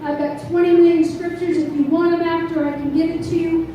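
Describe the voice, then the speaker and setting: A woman preacher telling a testimony in an animated way, acting out the voices in her story. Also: very high voice, a little fast, lo-fi sound, a little hiss or hum. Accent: Northeastern US. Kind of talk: testimony sermon. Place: church sanctuary. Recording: echoey church from far off.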